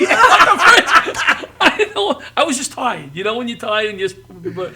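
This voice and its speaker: A middle-aged man from the New York area telling comic family stories, animated and often laughing and yelling. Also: very high-pitched, fairly quick, hardly any pauses. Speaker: guest comedian. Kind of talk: comic storytelling.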